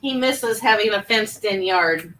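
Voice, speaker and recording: A woman who hosts livestreams and resells online chats casually from home in a rambling way, full of fillers and asides to her viewers. Her voice is mid-range at a normal speed, with a noisy background.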